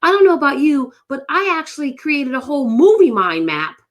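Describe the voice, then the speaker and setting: A woman's voice: high-pitched, very animated, fairly quick. A woman from the United States, hosting a live motivational talk and speaking emphatically straight to her viewers. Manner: emphatic, repeats phrases, talks to viewers. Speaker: host of a live motivational show.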